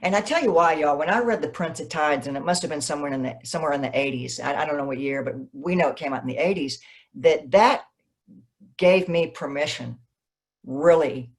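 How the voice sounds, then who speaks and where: A woman novelist, a guest in an interview, telling stories in a lively way and acting out what people said. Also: low-pitched, brisk. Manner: animated, acts out quoted dialogue. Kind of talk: conversational interview, storytelling.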